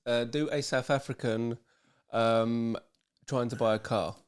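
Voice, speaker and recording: A man co-hosting a relaxed podcast, telling stories and teasing his co-host. His voice sits at a plain middle pitch. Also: a little slow, smooth. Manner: teasing, storytelling. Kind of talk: casual chat.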